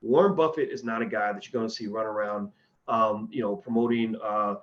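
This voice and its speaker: A lowish male voice, fairly even in intonation and a little fast, comes through lo-fi sound. He's hosting a relaxed livestream and taking viewer questions, opinionated and blunt, drifting conversationally with frequent restarts.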